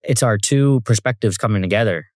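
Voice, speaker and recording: A young man appearing as a guest on a podcast, speaking thoughtfully and haltingly with lots of fillers. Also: lowish voice, darkish tone, no echo, studio quality. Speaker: podcast guest, host's husband. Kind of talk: casual chat.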